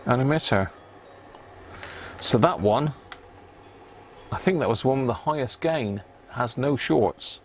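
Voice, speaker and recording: Gravelly man chatting while tinkering. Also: medium pitch, animated, slow, long pauses, slight background noise. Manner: chatty, rambling, muttering to himself as he works. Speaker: radio repair live-streamer. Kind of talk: casual live-stream chat while repairing. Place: home workshop upstairs.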